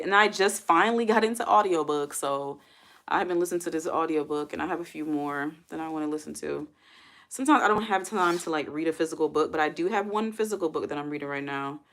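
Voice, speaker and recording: A woman's voice: low-pitched, fairly bright tone. Chatty woman on a livestream. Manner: chatty, thinks aloud, answers viewer comments. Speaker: livestream host. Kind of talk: casual livestream chat.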